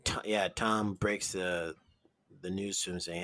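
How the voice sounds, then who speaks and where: Man, low voice, casual podcast chat, low-key, trails off, dry sound. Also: steady tone, measured pace, bright, forceful tone, no room sound. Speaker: podcast co-host.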